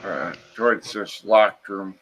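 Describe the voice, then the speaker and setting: A man running a tabletop game as game master, narrating the scene in an unhurried way with frequent fillers. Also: low voice, fairly bright tone, a little hiss or hum, low-quality recording.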